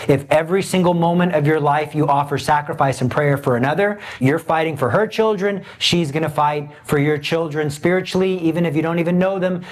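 A man preaching an impassioned Catholic sermon, emphatic, with rhetorical questions and sudden swings in pitch.

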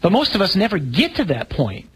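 A man's voice: sits high, wildly swooping pitch, a little fast, slight background noise, low-quality recording. A male priest giving a casual, wry sermon talk that asks the listeners questions.

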